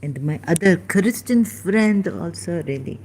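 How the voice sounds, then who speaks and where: Low, slow-talking woman. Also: expressive, a little mellow, slight background noise. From Pakistan. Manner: meandering, self-interrupting, mimics accents. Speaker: vlogger. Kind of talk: rambling personal monologue.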